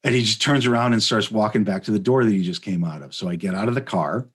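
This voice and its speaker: A man, a podcast guest, telling a comedic story in a casual, animated way, rambling with lots of fillers and laughing mid-sentence. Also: on the low side, fast, breathy edge.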